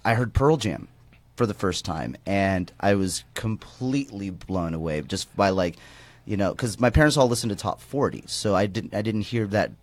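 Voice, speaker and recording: A man with a lowish voice chats as a podcast guest, telling stories with enthusiasm and some self-deprecating humor. His delivery is casual and loose, with quick asides. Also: lively intonation, dry recording. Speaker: guest, musician. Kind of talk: casual interview chat.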